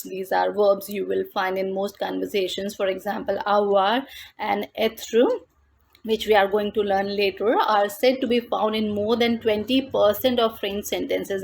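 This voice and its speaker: A woman explains a beginners' French lesson in a voice-over, moving slowly and deliberately between French words and their English meaning. Her voice sits at a middle pitch with a gravelly, fry-edged texture. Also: a little hiss or hum. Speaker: French teacher.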